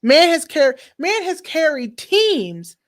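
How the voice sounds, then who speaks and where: A woman hosting a podcast, chatting casually with lively, emphatic slang. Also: sits high, slow. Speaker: podcast host. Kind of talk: casual chat.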